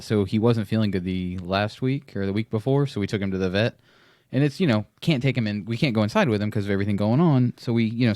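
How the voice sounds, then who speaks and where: A man co-hosting a podcast in casual chat, rambling and laughing often, with quick restarts. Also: lowish voice, warm tone, dry recording, studio quality. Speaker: podcast co-host.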